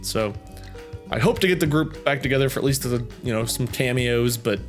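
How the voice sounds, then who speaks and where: Brief: male gaming host, mid-pitched, chatty and self-amused while reading comments, soft music underneath. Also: brisk. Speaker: YouTube gaming channel host. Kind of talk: casual reading of viewer comments.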